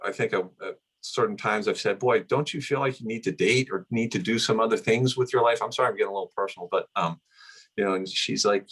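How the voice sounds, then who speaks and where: Middle-aged man, lower voice, casual rambling interview talk, lots of restarts and fillers. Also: quick pace, a bit bright, slightly rough. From United States. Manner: rambling, many restarts and "you know". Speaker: guest, son of the honoree.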